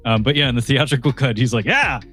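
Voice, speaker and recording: Guy chatting about a movie, mid-pitch voice, keeps laughing and restarting sentences, some soft music underneath. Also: steady tone, fast. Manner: laughs often, rambling with many restarts and fillers. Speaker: podcast co-host reviewing a film. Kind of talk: casual film review chat.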